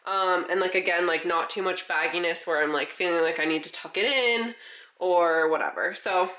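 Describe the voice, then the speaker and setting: A woman's voice: on the low side, normal speed, bright, forceful tone, roomy sound. A woman farm vlogger chatting casually with lots of filler words, congested and a little winded. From New York. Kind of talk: casual vlog.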